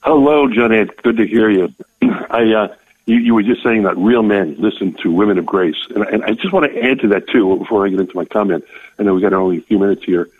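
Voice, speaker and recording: Older guy on a tinny phone line, deep and a bit husky, earnest and halting. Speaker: caller. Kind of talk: phone-in testimony. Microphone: telephone.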